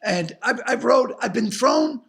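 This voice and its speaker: An older man with a Boston accent telling stories in an interview, animated and profane, acting out voices. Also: very high voice, measured pace, vocal fry. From Boston area. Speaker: guest comedian. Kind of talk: storytelling interview chat.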